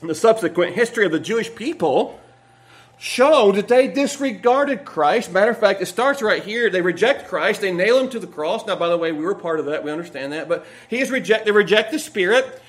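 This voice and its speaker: A man's voice: sits high, expressive, fairly quick. A man preaching a sermon, reading scripture aloud and putting earnest questions to the congregation. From United States.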